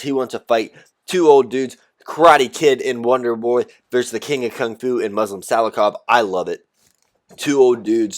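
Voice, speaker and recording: A man hosts his own recap show, running through results in a relaxed, blunt way. He talks casually with fillers and restarts, at an ordinary middle pitch for a man. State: out of breath. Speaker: podcast host recapping fights. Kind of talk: solo recap commentary.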